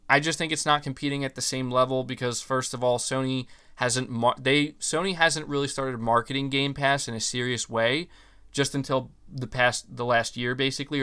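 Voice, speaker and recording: Bright, clear-voiced opinionated man. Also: mid-range voice. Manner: animated, opinionated, many fillers and restarts. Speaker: podcast host. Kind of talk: casual podcast chat reading viewer comments.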